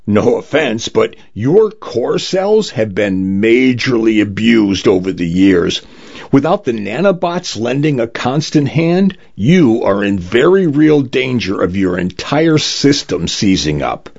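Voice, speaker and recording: A prim, fussy lawyer explains things in a measured, apologetic way, as a man reading the story puts him on. The voice is gravelly and a little husky, and the pace is slow. It sits on a dull, lo-fi recording. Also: medium pitch, very animated, a little mellow, heavily acted. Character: polite, fussy male lawyer, slightly prim.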